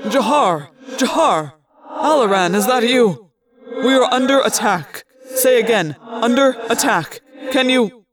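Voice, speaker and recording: Alien captain under fire, loud and urgent, a woman reading him. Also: fairly high pitch, expressive, unhurried, distant mic, a crowd in the background, pitched above the performer's own voice.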